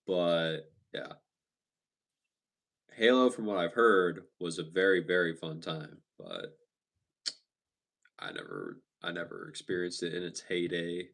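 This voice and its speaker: Low-voiced young man chatting on stream. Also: takes it slowly, gravelly, long pauses. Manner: relaxed, chatty, many restarts and stumbles. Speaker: livestream host. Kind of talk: casual live chat reading viewer comments.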